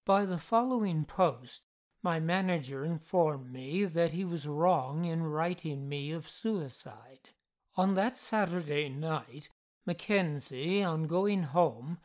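Slow, measured woman narrating a ghost story. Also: deep voice. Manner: measured, deliberate reading.

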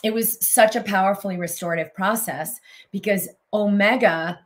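A woman's voice: mid-range voice, normal speed. A woman speaking in a flowing, effusive way during a casual conversation. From United States. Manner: emotional, effusive, flowing speech.

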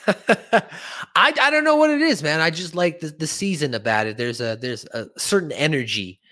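A male podcast co-host with a bright, ringing voice. He recaps an episode in a casual, chatty way. He laughs often and slips into character voices. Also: a little high, animated, normal speed.

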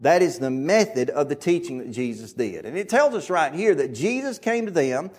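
A man preaching a sermon in a Southern US accent, his voice pitched fairly high for a man. He delivers it in an earnest, emphatic way. He leans on his key phrases and says them again. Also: very animated, normal speed, a little mellow.

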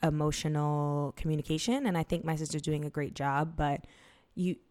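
A woman's voice: low-pitched, moderate pace, darkish tone. A young woman co-hosting a podcast, talking candidly and casually, swearing and acting out quotes as she tells a story. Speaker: podcast co-host. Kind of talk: casual chat.

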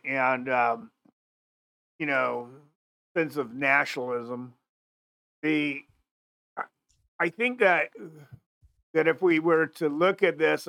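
A man's voice: on the high side, creaky, bright, forceful tone. A man hosting a casual talk show, rambling with many restarts and fillers. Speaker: show host.

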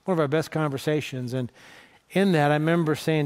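This pastor, a middle-aged man from northeast Ohio, has a fairly high voice and a brisk delivery. He preaches his sermon conversationally, telling stories and putting questions to the congregation.

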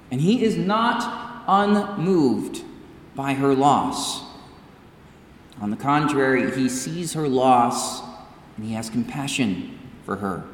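A pastor with a slightly high voice preaches a sermon at a measured, emphatic pace, leaning into his pauses. He's heard from far off in an echoey church hall, with a roomy sound and long reverb.

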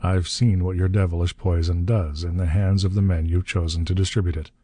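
Brief: man reading as defiant captive, harsh and steady, low mellow voice, dry sound. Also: brisk, slightly rough, no room sound. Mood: grim. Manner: harsh, grim, bitter. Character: defiant American man, grim and strained.

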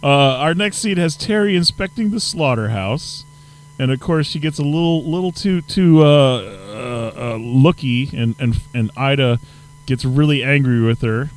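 Man, casual chat co-host, wry and joking, lively intonation, frequent restarts. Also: medium pitch, normal speed. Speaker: podcast co-host. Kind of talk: casual chat recapping a film.

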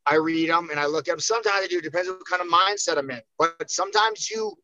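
Fired-up profane man, high voice. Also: sing-song, fast, pushed and bright, lo-fi sound. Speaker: podcast guest, fighter. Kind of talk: casual podcast chat.

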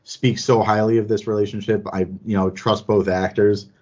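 A man's voice: lowish voice, little pitch movement, moderate pace, darkish tone. A man chatting casually as a podcast panelist, rambling and correcting himself, with frequent chuckles. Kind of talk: casual chat. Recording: dull lo-fi audio.

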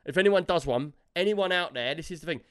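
Animated podcast host, smooth voice. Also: male voice, a little high, a little fast. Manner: animated storyteller, laughs often. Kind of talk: casual chat.

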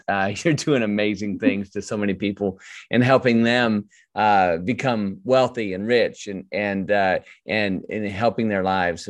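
A man, a business coach, talks as a podcast guest in a lowish voice. He is effusive and chuckles often, leaning on fillers. The recording is dry and close. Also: no room sound. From Texas, USA. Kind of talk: casual interview chat.

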